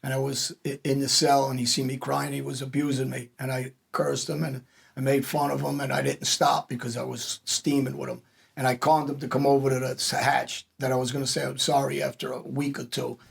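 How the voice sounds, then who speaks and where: A man's voice: medium pitch, flat delivery, a little fast. A man, hosting a podcast and telling blunt, profane street stories in casual chat. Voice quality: gravelly and husky. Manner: blunt street talk with cursing. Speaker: podcast host.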